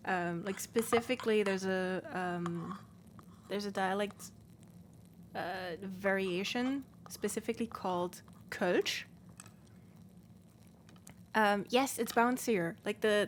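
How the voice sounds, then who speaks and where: A woman's voice: mid-range voice, a little slow, slight background noise. A woman from northern Germany, a native German speaker with a northern German accent, chatting casually while playing a game and explaining things with many fillers. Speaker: let's play streamer. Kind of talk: casual gameplay chat.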